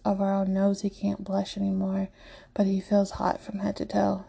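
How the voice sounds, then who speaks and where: A woman reading a story aloud in a hushed, often half-whispered delivery. Her voice is heavily gravelly, dark and husky. She keeps the tone flat and even throughout. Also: medium pitch. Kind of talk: story narration.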